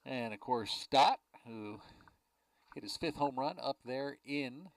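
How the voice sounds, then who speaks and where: A man calling a baseball game play by play from a ballpark press box, chatting easily between pitches. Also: slow pace, dry recording, far from the mic, poor audio. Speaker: play-by-play announcer.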